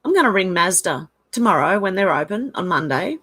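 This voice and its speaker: A woman's voice: fairly low pitch, big pitch swings, fairly quick, pushed and bright, slightly rough. An Australian woman hosting a casual livestream, reading viewers' comments aloud and chatting about them with frequent laughs. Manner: chatty, reads chat messages aloud, laughs often. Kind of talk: casual live-chat.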